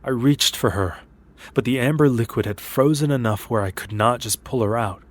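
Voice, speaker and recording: A man narrating a horror story in a measured, steady storytelling manner. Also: mid-range voice.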